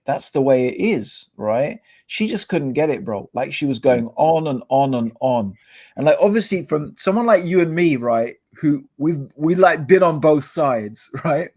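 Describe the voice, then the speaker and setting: A middle-aged man co-hosting a podcast in casual chat, animated and peppering his talk with "bro" and "right?". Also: fairly high pitch, unhurried. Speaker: podcast co-host. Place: podcast studio.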